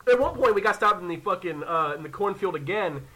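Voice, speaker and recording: Young male podcast host: high, sharp voice, profane and animated, acts out the people in his stories. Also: a little fast. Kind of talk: casual storytelling chat.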